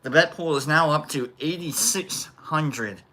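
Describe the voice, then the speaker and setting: Bright-voiced man telling rowdy stories. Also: fairly high pitch, unhurried, slight background noise. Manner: animated, joking, acts out quoted voices with loud yells. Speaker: livestream host. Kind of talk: casual storytelling chat.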